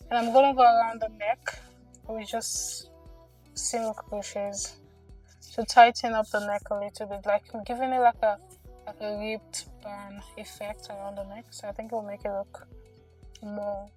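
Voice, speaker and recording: A woman's voice: medium pitch, unhurried, long pauses, faint music behind. Chatty young woman crafter, slightly distant mic. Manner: chatty, says "like" and "guys" often, excitable. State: tired. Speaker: crochet vlogger. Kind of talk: casual vlog talk while crocheting. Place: home craft studio.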